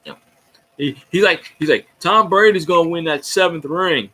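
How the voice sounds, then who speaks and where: A man's voice: on the high side, moderate pace, sharp tone. Rowdy man ranting on stream. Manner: rowdy, profane, jokey fan ranting. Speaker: sports fan streamer. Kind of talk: casual rambling livestream chat.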